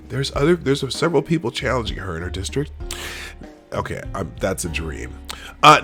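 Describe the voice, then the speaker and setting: Male live-show host, loose sarcastic news chatter, lively pitch. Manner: rambling and sarcastic, with frequent fillers and restarts. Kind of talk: casual news commentary, reading headlines aloud.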